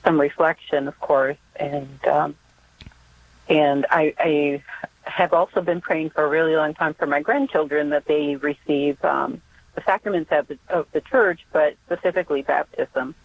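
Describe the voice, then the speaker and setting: A woman's voice: deep voice, steady tone, moderate pace, breathy edge. An older grandmother calling in to a radio show, hesitant, with many ums and restarts as she asks for prayers. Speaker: caller. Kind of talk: phone-in prayer request. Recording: tinny phone line.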